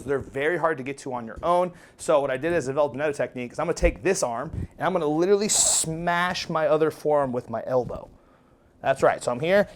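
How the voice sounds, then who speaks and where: A man's voice: on the high side, darkish tone. A man coaching viewers through foam roller techniques, upbeat and chatty, joking and checking in with "okay?" as he demonstrates. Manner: upbeat, chatty, jokey, says okay often. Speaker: fitness coach. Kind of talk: casual instructional demo.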